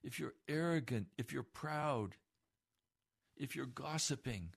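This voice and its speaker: A man preaching a sermon, moving from hushed, slow phrases to impassioned pleading. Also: mid-range voice, lively intonation, creaky, breathy edge.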